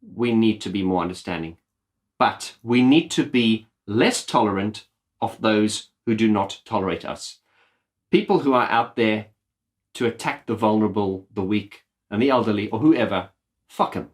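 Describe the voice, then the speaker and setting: A man's voice: on the low side, normal speed. Earnest, impassioned man ranting on his vlog. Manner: blunt, swears freely. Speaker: YouTube channel host. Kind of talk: direct-to-camera vlog talk.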